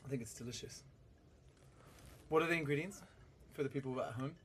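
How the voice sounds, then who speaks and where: A young man hosting a casual chat, asking joking questions with a dry, deadpan delivery. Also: mid-range voice, brisk, slight background noise. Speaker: host.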